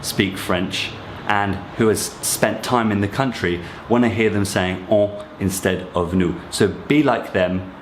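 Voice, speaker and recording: Man, low-pitched voice, casual language teacher, encouraging, talks to viewers, echoey room, faint background hum. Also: a little slow. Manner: friendly, encouraging, addresses viewers directly. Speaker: French teacher.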